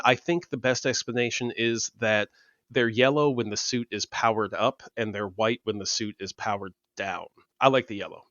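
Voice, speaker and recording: A man's voice: medium pitch, fairly bright tone, no echo. Chatty man in a dull dry recording. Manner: chatty, laughs often, many fillers. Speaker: podcast co-host. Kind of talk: casual comic book discussion.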